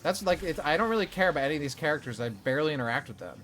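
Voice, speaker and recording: A man's voice: on the high side, expressive, rapid-fire, fairly bright tone, slight background noise. A man streaming a video game, chatting, laughing and critiquing it casually. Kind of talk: casual let's play commentary.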